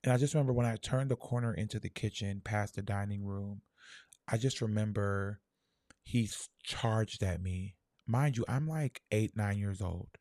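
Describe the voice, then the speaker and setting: Young guy telling a story from his childhood, kinda low voice, soft and halting, lots of "like", dry close sound. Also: no room sound. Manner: soft, halting, reflective, many fillers. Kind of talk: personal storytelling.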